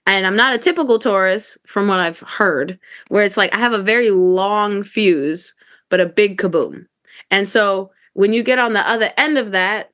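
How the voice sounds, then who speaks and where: Woman podcast cohost, blunt, animated storytelling, cusses a bit. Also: medium pitch. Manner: candid, animated storytelling with swearing. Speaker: podcast co-host. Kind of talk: casual chat.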